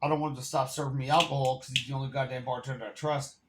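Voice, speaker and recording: A man's voice: medium pitch, fairly even intonation, very fast, slightly rough. A man ranting to camera in a casual vlog, telling a heated, profane story while smoking and drinking. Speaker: vlogger.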